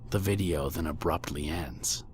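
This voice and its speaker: A man reading a scripted creepypasta horror story in a hushed voice that often drops to a near whisper. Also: extremely low pitch, a little slow, slight background noise. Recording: faint music bed under voice.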